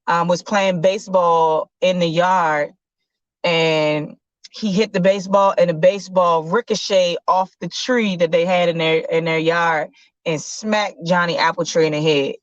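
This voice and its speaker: A woman telling a casual, slangy story, often pausing and correcting herself. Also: lowish voice, no room sound. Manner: relaxed, slangy, with fillers and self-corrections. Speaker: podcast host. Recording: dull lo-fi sound.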